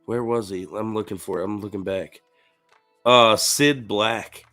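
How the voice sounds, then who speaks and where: Lower-pitched teasing male co-host. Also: fairly even intonation, a little slow, sharp tone, soft background music. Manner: chatty, teasing, laughs often. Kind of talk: casual chat.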